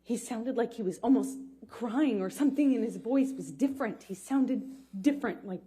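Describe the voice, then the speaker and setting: A woman testifying as a witness in a courtroom, speaking haltingly with many pauses and restarts. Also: fairly high pitch, expressive, dark tone, breathy edge. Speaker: trial witness.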